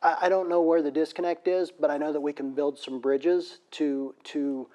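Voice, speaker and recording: A man with a fairly high voice speaks in a casual interview. He answers in a rambling, anecdotal way and talks about his work in university disability services. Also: steady tone, normal speed, mellow.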